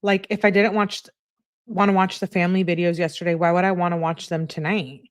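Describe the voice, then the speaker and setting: A woman's voice: fairly low pitch, little pitch movement, fairly quick. A woman hosting a true crime channel, reading text messages aloud in an easygoing way and chatting to her viewers between them.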